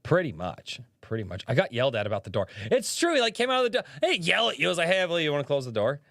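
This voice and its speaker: A man's voice: on the high side, very animated, very fast, vocal fry, fairly bright tone, dry recording, clean studio sound. A young man hosting a casual livestream podcast, telling stories and reading chat comments aloud as he talks. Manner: chatty storyteller, reads chat aloud.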